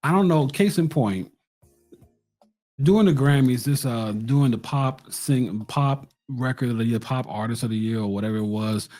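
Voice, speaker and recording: A man's voice: medium pitch, normal speed, faint music behind. A man co-hosting a podcast, telling stories in a teasing, folksy way. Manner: animated storytelling, folksy and teasing. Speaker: podcast co-host. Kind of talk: casual chat.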